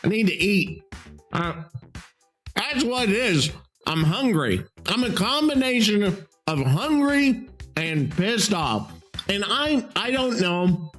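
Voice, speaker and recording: A man's voice: sits high, very animated, takes it slowly, fairly bright tone, faint music behind. A man hosting a solo podcast, ranting in an exasperated, profane way. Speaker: podcast host.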